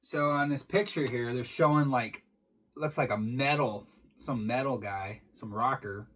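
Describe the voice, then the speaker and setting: A man with a husky, slightly breathy voice talks his way through an unboxing in a loose, rambling vlog style. He takes his time, drawing out his words and peppering them with casual swearing. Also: medium pitch, unhurried, fairly bright tone, poor audio. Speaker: beer reviewer.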